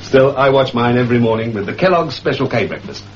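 A man's voice: medium pitch, animated, quick pace. Male advert narrator, chatty, faint hiss, lo-fi. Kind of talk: 1970s TV advert.

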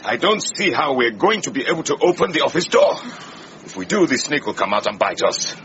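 A man's voice: mid-range voice, sing-song, fairly quick, a bit bright, a little hiss or hum. A man acting a sensible garage mechanic and boss in a radio drama, firm and level-headed. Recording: dull lo-fi radio drama recording.

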